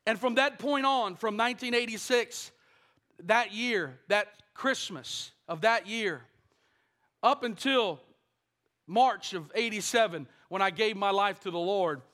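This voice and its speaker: Fifties guy from kentucky preaching his story, high pitched and kinda sharp, gets loud then soft. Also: measured pace. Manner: earnest storytelling with emphatic shifts in volume. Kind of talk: personal testimony sermon.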